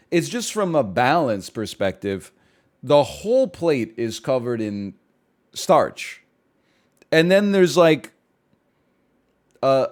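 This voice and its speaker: Animated, incredulous male streamer. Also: fairly high pitch. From Canada. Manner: incredulous, animated ranting with laughs. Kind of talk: casual chat.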